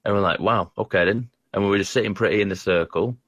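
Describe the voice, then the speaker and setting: A man in a casual gaming chat, talking in a rambling, halting way and poking fun at his own skills. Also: lowish voice, a bit bright, breathy edge, no room sound. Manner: rambling, halting, self-deprecating.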